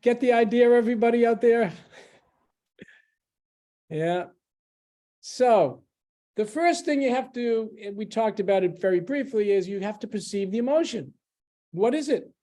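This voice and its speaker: A man gives a public lecture as a library's guest speaker, talking to the audience in a conversational, explanatory way. His voice is mellow and warm. He often pauses and restarts a thought midway. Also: sits high, expressive.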